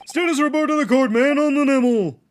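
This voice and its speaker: A man's voice: extremely high pitch, fairly quick, slight background noise, voice pushed up. A man doing a blustering old army foreman. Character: pompous retired old army officer, jury foreman.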